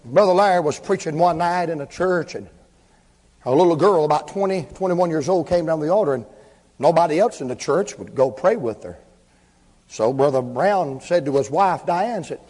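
A man preaching a revival sermon, swinging between shouts and hushed words. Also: fairly high pitch, expressive, normal speed. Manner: fervent, shouts and drops to a hush. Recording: echoey hall reverb.

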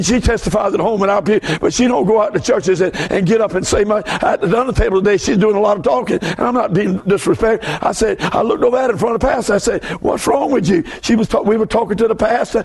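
With a breathy edge to his voice, a guest preacher with a Southern US accent delivers a fiery revival sermon. He drops into quiet asides, then erupts into shouts.

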